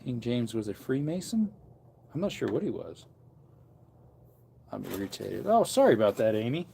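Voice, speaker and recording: A man's voice: medium pitch, sing-song, normal speed, gravelly, dark tone, a little hiss or hum. A man who preaches, chatting casually on a livestream from an outdoor porch and wandering between topics as he reads comments aloud.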